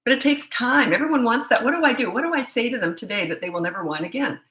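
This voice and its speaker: A woman's voice: a little high, animated, fairly bright tone, roomy sound, slight background noise, low-quality recording. A middle-aged woman, a parenting coach, answering viewer questions on a live stream in a blunt, opinionated way. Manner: blunt and opinionated, quick asides.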